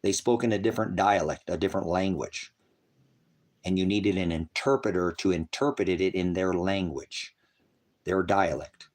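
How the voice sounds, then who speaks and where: A man's voice: normal speed, darkish tone. Profane, mocking male preacher. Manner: mocks others in shrill put-on voices. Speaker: online preacher. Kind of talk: livestream preaching, reading chat.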